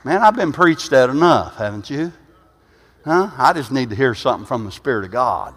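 A man in his sixties preaching an informal sermon, rambling and conversational with frequent "huh?" asides, swinging from quiet, low musing to loud, emphatic bursts. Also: animated, moderate pace. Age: 60s. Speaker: pastor. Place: church sanctuary. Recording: reverberant church hall.

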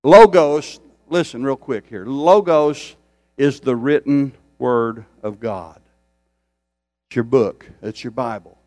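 A man's voice: medium pitch, takes it slowly, darkish tone, dry recording, clean studio sound, soft background music. An older man preaching a sermon, repeating phrases for emphasis and building intensity as he speaks. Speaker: pastor.

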